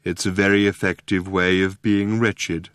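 Male reader voicing a glum robot, low flat drone, dry sound. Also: clean tone, dry recording. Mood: dejected. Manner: slow, dejected drone. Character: gloomy depressed male robot, slow droning monotone.

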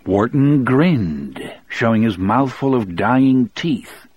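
A man reading an audiobook in a measured, unhurried storytelling way. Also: medium pitch, animated, darkish tone, breathy edge, dry recording, muffled recording. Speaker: audiobook narrator. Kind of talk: audiobook narration.

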